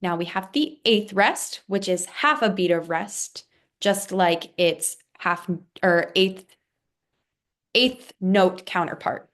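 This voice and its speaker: Slow, patient woman teaching music. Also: medium pitch, fairly bright tone. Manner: slow, patient explaining with counted-out rhythm examples. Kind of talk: recorded music lesson.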